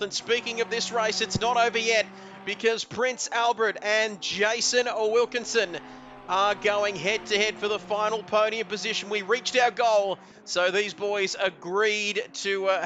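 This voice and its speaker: Man calling a sim race, high bright voice, excitable with lots of fillers. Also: slight background noise. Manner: excitable, hesitant fillers, building to shouts at the finish. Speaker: race commentator. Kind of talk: live sim racing commentary.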